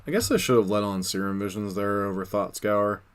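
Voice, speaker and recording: A man's voice: fairly low pitch, fairly quick, clear, resonant tone. A man giving casual, dry, resigned commentary while playing a card game online.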